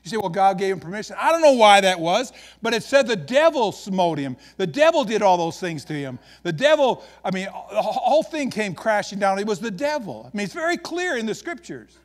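A pastor with an Upper Midwest American accent preaches in a high voice, talking fairly quickly with few pauses. His sermon is folksy and full of jokes, with animated storytelling.

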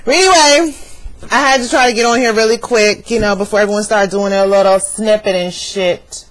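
A woman's voice: mid-range voice, a little fast, low-quality recording. Blunt, profane woman vlogging to camera. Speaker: vlogger reviewing an awards show. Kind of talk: casual talk to camera. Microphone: webcam with plugged-in microphone.

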